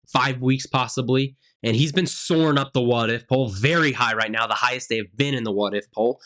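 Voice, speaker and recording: An animated man hosting a college football reaction show. He talks in an emphatic, conversational way, repeating phrases to drive his points home, with a middle-range voice. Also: medium pitch. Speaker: sports show host.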